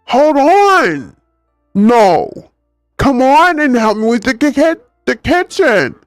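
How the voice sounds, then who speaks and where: A man voicing a bossy, fed-up teenage girl who shouts at her brothers. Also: high voice, huge pitch swings, takes it slowly, no room sound, clean studio sound, faint music behind, voice pushed up, full character voice. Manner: shouting, impatient.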